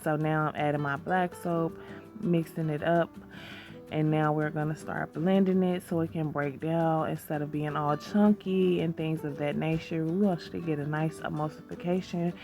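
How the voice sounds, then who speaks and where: Low-voiced woman, scratchy from a cold, chatty soap-making how-to, calls everyone y'all. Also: fairly even intonation, moderate pace, a little mellow. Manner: chatty, addresses viewers as y'all. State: getting over a cold, hoarse. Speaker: soap maker and shop owner. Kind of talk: casual how-to narration. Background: background music.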